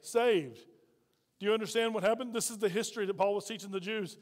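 A man's voice: sits high, quick pace, big-room sound. A man preaching a sermon as pastor, folksy and full of call-and-response questions to the congregation.

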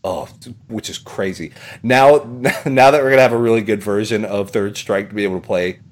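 A man's voice: fairly low pitch, a little fast. A man hosting a podcast, talking in a rambling casual way, with plenty of swearing, fillers and laughter. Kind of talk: casual chat.

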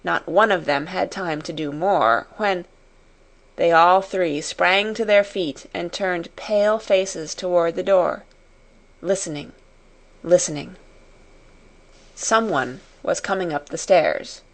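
Woman audiobook narrator, unhurried, measured delivery. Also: lowish voice. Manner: slow, measured reading. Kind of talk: scripted narration.

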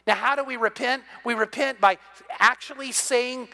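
An older man preaching a sermon as pastor, animated and acting out little conversations, often repeating words as he restarts. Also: very high-pitched, moderate pace. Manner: animated, acts out dialogue in quotes, repeats words when restarting. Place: church sanctuary. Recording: long hall reverb.

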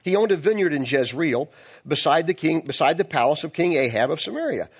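A male preacher reads scripture, then drifts into chatty, joking asides with his audience. His slightly high voice rises and falls freely as he explains and digresses. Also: lively intonation, a little fast, breathy edge. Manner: conversational, digressive, playful asides. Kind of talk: sermon with Bible reading.

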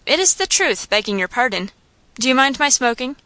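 A coarse, coolly mocking saloon keeper with slangy, insolent talk, read out by a woman. The voice sits fairly high and bright. It sounds dry and close. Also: big pitch swings, a little fast, no echo, heavily acted.

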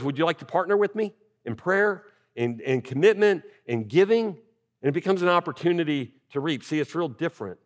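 Man preaching a sermon. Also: medium pitch. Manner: builds from quiet, measured reading to rising urgent emphasis. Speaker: pastor.

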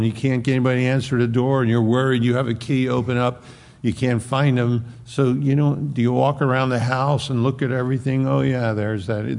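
Gravelly man preaching conversationally. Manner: conversational, rambling asides, dramatic drops to soft low tones. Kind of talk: sermon.

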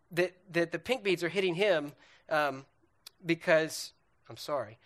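A man preaching a sermon in church, animated and informal, repeating words and restarting his sentences as he talks. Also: on the high side. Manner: animated, repetitive, stumbling restarts. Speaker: pastor. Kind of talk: sermon with a puppet illustration.

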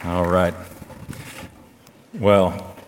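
A man in his thirties, a children's ministry leader, telling a personal story in a sermon, excited and lively. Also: deep voice, some chatter behind, a little hiss or hum. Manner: excited, storytelling, quick asides. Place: large church stage. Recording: long hall reverb.

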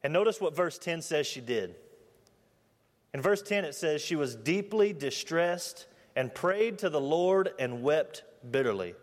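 A man's voice: fairly high pitch, animated, measured pace. Young male preacher in a reverberant hall. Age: 20s. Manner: earnest, asks the congregation questions, reads scripture aloud. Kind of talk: sermon. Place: church building.

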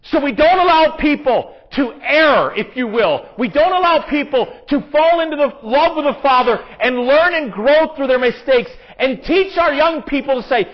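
A man's voice: very high-pitched, expressive, moderate pace, hardly any pauses. A man preaching a sermon in an earnest, conversational way, with emphatic rises. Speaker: pastor. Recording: dull, lo-fi sound.

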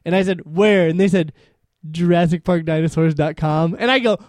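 A man's voice: a little high, normal speed, darkish tone, no room sound, studio quality. A young man co-hosting a casual chat, rambling through a story and laughing often. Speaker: podcast co-host.

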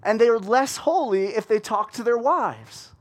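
A man from the United States preaching a conversational sermon in an animated way, acting out the people in his story. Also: very high-pitched, moderate pace.

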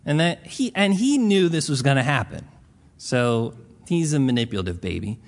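A man's voice: medium pitch, very animated, moderate pace. A man preaching a Bible teaching in a casual, conversational way, retelling scripture stories in plain modern words.

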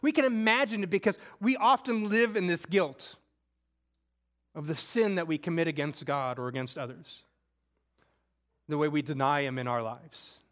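A man preaching a conversational sermon, acting out scripture quotes and moving between loud emphasis and hushed, intimate moments. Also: on the high side, moderate pace, pauses often. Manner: conversational, with casual slang.

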